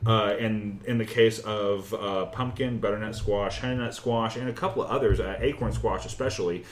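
A man's voice: lowish voice, steady tone, normal speed, roomy sound. A man co-hosting a casual podcast chat, rambling with lots of fillers as he geeks out about beer. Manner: rambling, many "uh" fillers, enthusiastic and geeky. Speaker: podcast co-host, beer expert.

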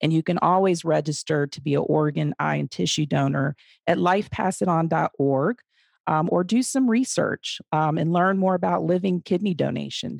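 Low, gravelly woman host, friendly and affirming, dry close sound. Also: darkish tone, no echo. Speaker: show host. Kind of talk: casual interview hosting.

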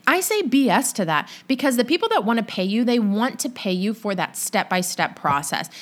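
A young adult woman, a business coach, giving casual solo podcast advice in a chatty, animated storytelling way full of "like". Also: mid-range voice.

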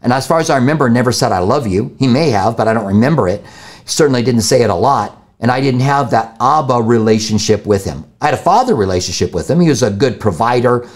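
A man's voice: medium pitch, lively intonation, quick pace. A man answering viewer questions about the Bible on a live stream, thinking aloud with fillers and restarts.

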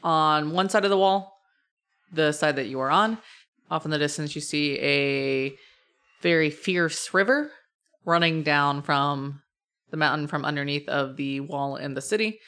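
A woman game master describing a scene in an unhurried way. Her voice sits low and she pauses often to find the next words. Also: a bit bright. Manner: measured, with frequent pauses and fillers. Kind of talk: narrating a tabletop game.

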